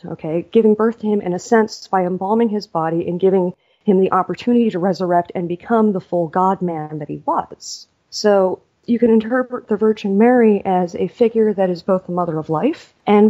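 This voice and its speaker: A woman author, a podcast guest, telling a story in a lively, casual way. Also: medium pitch, muffled recording.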